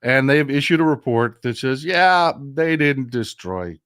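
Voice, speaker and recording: A man at a middle pitch rants about politics on his own show, swearing freely and calling his viewers folks. His voice sounds dry and close, with almost no room around it. He talks in a casual, animated way. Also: unhurried, clean tone, no echo. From Texas. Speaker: political commentary host. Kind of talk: casual political livestream rant.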